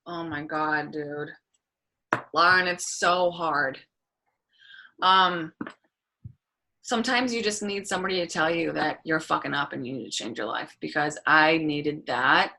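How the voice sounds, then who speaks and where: A woman with a low voice hosts a group video call as a fitness and business coach, giving a casual motivational talk that's candid and blunt, full of "like" and some swearing. She's unhurried and pauses often, with vocal fry and a bright, forceful tone.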